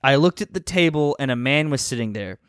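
Male narrator-host, lively and laughing, dry close sound. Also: medium pitch, a little fast, clear, resonant tone, no echo. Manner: animated, laughing, stumbles over names. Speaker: podcast co-host narrating a story. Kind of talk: comedic story reading.

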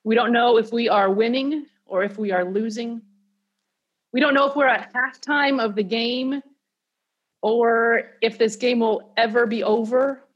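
A woman hosting the conversation speaks in a husky, fairly high voice. She earnestly asks her guest to rally the team. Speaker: host.

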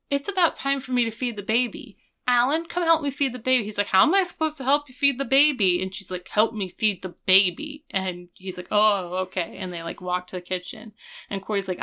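A woman's voice: mid-range voice, sharp tone. A woman co-hosting a casual recap chat, retelling scenes and quoting the characters as she goes. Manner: retells scenes with quoted voices. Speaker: podcast co-host.

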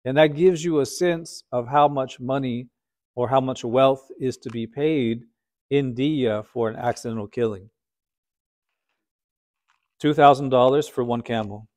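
A man's voice: medium pitch, darkish tone. A man teaching Islamic history as a conversational storytelling lecture, often asking his listeners rhetorical questions.

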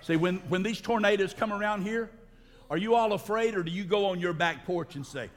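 Emphatic preacher with a higher voice. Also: male voice, brisk. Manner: emphatic preaching that swings to loud, high outbursts. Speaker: pastor. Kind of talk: sermon. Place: church sanctuary. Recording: long hall reverb.

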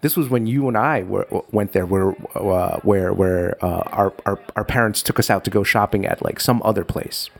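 Animated storytelling man, casual chat. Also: lowish voice, normal speed, vocal fry, few pauses. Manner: animated, lots of restarts, acts out voices.

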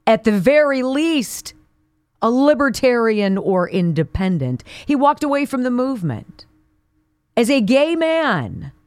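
Indignant woman radio host, lively delivery. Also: medium pitch, no echo. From Pittsburgh area. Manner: indignant, emphatic, rhetorical questions. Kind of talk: opinion monologue.

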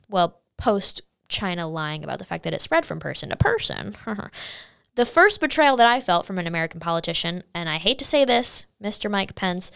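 A woman's voice: medium pitch, normal speed, gravelly, smooth, no echo. A young woman hosting an opinion podcast, talking sarcastically and getting exasperated as she rants. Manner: animated, sarcastic, rising to exasperated outbursts. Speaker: podcast host. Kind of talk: opinion commentary monologue.

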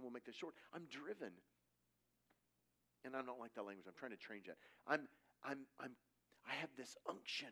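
A man's voice: on the high side, fairly bright tone. A middle-aged man giving a conversational sermon, telling stories casually and acting out quoted voices. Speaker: preacher.

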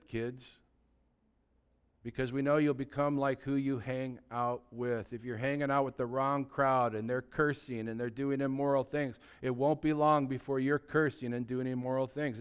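A man pastor giving a sermon, exhorting his listeners with humorous asides and swinging between quiet asides and loud, fervent passages. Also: medium pitch, clean tone.

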